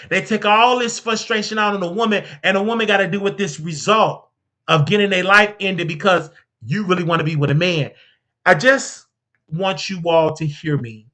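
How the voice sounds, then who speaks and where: Male show host, bright voice, theatrical mock-outrage rant, stammers when heated. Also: sits high. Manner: addresses a sidekick and the audience. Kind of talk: comedic commentary rant.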